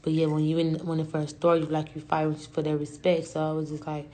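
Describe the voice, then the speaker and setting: A woman's voice: low-pitched, completely flat delivery, fairly quick, dark tone, a little hiss or hum. A young adult woman telling a story on a livestream in a slangy, profane, rambling way. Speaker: rapper.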